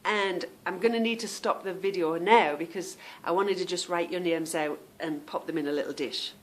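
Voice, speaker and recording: Brief: lower-voiced woman podcast host, warm casual chat from home, friendly "girlies" patter. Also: fairly even intonation, normal speed. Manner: chatty, calls listeners "girl" and "girlies".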